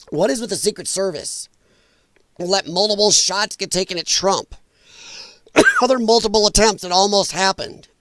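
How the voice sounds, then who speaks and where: Man, livestream host, coughing, sore throat, blunt, exasperated, animated pitch, dry close sound. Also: no echo. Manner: blunt, exasperated, frequent apologies. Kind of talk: casual political commentary livestream.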